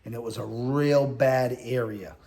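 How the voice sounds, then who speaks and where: A man's voice: mid-range voice, fairly even intonation, measured pace, dark tone. Rambling man telling stories. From Boston area. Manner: rambling and conversational, full of "like" and "you know", blunt street talk. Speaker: host recounting prison experience. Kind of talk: casual storytelling monologue.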